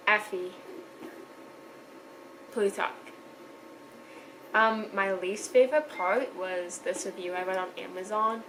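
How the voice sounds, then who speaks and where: A woman's voice: mid-range voice, background noise. A young woman casually reviewing a novel she loved, chatty and gushing, often trailing off and restarting her sentences. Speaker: book reviewer. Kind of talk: casual book review vlog.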